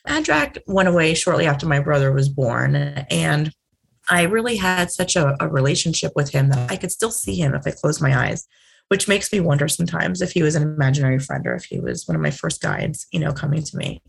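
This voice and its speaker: A woman's voice: low voice, very animated, brisk, creaky, slightly rough. A woman from South Florida, a podcast guest telling stories about her childhood in a chatty, candid way. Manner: chatty, candid, laughs easily. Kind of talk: casual interview storytelling.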